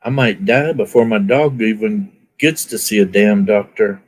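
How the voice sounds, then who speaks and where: A man's voice: fairly low pitch, moderate pace, rough recording. A man chatting casually, telling folksy stories and acting out the people in them with raised voices. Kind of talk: casual storytelling chat.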